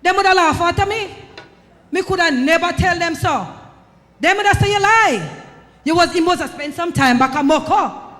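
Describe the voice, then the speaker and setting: A woman's voice: very high-pitched, normal speed. A woman with a Jamaican accent performing a dialect poem as a mother scolding and shaming her son. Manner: scornful, scolding, shouting bursts. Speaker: poetry performer. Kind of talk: dramatic dialect poem recitation. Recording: long hall reverb.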